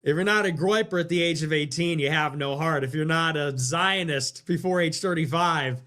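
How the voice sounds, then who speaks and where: A man hosting a livestream, rambling sarcastically, laughing often, swearing and dropping into low mutters. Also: moderate pace, pushed and bright. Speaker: livestream host. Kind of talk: casual livestream commentary.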